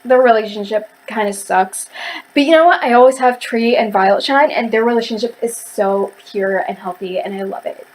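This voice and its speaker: A woman's voice: fairly high pitch, brisk, hardly any pauses, poor audio. A woman ranting heatedly in a casual book review, rambling with lots of fillers and restarts.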